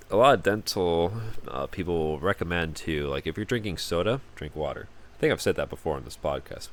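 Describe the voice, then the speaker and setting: A man's voice: rumbling low, a bit bright. A young man hosting a casual solo podcast, rambling and often repeating words as he starts sentences. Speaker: podcast host.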